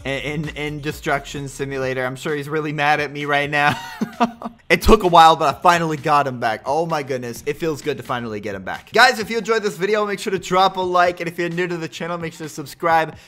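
A man doing playful, excitable gameplay commentary, laughing often as he pulls a prank. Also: on the high side, brisk, faint music behind. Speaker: gaming YouTuber.

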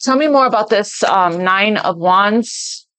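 A woman's voice: medium pitch, a little slow, fairly bright tone, clean tone. A woman giving an unscripted tarot reading, talking earnestly as if relaying intuitive messages and repeating phrases for emphasis. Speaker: tarot reader. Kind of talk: spontaneous tarot card reading.

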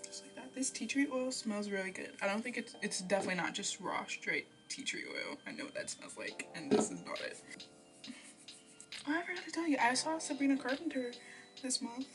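A woman's voice: fairly high pitch, lively intonation, fairly quick. Chatty young woman, music in background. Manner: chatty, rambling, drops into whispers. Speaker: vlogger. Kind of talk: casual chat. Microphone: phone or built-in mic.

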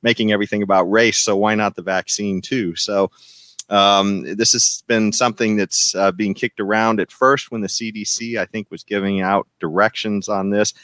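This is a man hosting a casual podcast panel from a remote setup. His voice sits low and dry with no room sound. He talks loosely, with plenty of fillers and easy chuckles. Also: steady tone, moderate pace, fairly bright tone, dry recording. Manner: laid-back, loose, with many fillers and chuckles. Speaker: podcast host.

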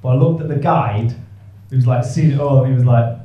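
A man's voice: mid-range voice, brisk, far from the mic, highs cut off. A man doing stand-up crowd work, bantering cheekily and swearing with the audience on a comedy club stage. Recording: echoey club, mic heard from afar.

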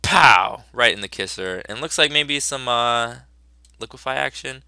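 A man's voice: mid-range voice, unhurried, pushed and bright, clean tone, dry recording. A man teacher giving a casual, upbeat review of his students' work, chatty and full of fillers.

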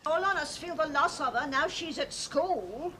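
A woman's voice: high-pitched, animated, normal speed, sharp tone, slight background noise. A plaintive rustic mother. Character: rustic mother lamenting her lonely lot. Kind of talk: period drama acting.

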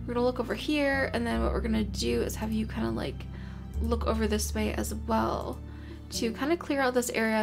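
Young woman host, high voice with vocal fry, fussing over her game creatures as she plays. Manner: chatty, talks to her game creatures, easily flustered. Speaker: gaming channel host. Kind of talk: casual let's-play commentary. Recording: soft music behind.

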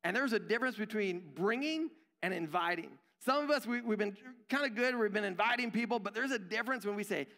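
A young man preaching in a church sanctuary, his tone high and bright. He talks casually and pokes fun at himself, and his voice rings with long hall reverb. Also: expressive, fairly quick, hardly any pauses. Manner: conversational, self-deprecating, acts out quoted voices. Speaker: pastor. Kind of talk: sermon.

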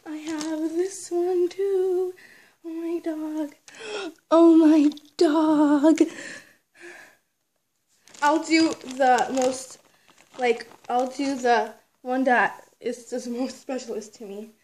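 A woman chatting excitedly while unboxing a toy haul, gushing and squealing, then dropping to hushed whispers. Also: high-pitched, drawn-out words, a little hiss or hum. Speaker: toy collector vlogger.

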